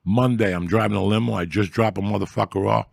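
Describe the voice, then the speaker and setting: A man's voice: on the low side, fairly even intonation, fast, vocal fry, slightly rough, no echo, studio quality. A man telling crude, profane stories in casual chat, acting out the people he quotes. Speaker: storyteller guest.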